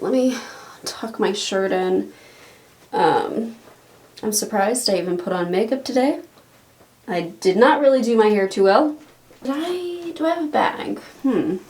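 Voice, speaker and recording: Chatty, slightly breathless woman vlogger. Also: on the high side. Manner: chatty, rambling, laughs often. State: a little out of breath. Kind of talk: casual chat to camera.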